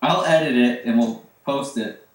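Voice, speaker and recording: A man's voice: medium pitch, measured pace, roomy sound. A man hosting a casual podcast over a video call, teasing his guests and swearing casually. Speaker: podcast host. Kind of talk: casual chat.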